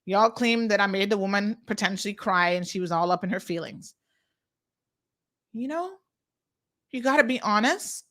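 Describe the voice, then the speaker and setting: A woman's voice: mid-range voice, expressive, moderate pace, pauses often, a bit bright. A woman hosting an unscripted live talk show, speaking outspokenly and emphatically as she addresses viewers directly and reads out their comments.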